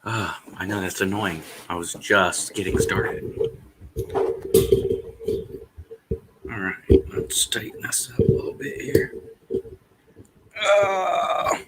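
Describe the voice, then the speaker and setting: A man live-streaming himself, rambling casually and thinking aloud, swearing now and then and filling pauses with "uh". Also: sits low, steady tone, heavy background noise.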